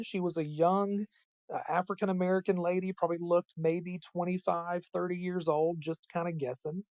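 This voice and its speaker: A man's voice: high-pitched, a little mellow, dry recording. A man guesting on a podcast, telling a personal story in a casual, rambling way full of fillers and restarts. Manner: rambling, filler-heavy, many restarts and "I'm like" quotes. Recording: dull lo-fi dry sound.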